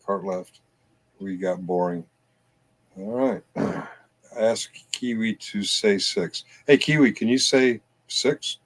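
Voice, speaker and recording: A man's voice: on the low side, sing-song, takes it slowly, vocal fry. A man from the United States hosting a late-night live chat, rambling, reading comments aloud and laughing often. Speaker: livestream panel host.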